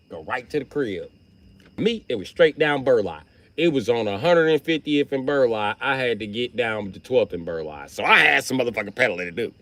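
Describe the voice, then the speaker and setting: A man's voice: medium pitch, dry recording. A man telling a profane comic story on a livestream, acting out the people in it. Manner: animated, acts out voices. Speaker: livestream host.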